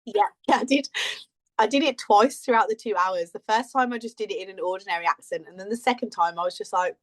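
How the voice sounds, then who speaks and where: A woman's voice: mid-range voice, fast. A woman co-hosting a podcast in casual chat, rambling and laughing often. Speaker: podcast co-host.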